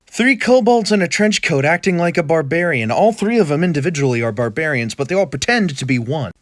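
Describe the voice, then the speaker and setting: Chuckling man, lively higher voice. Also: no echo. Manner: chuckling, playful delivery. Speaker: comedy skit creator. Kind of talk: comedic list of character ideas.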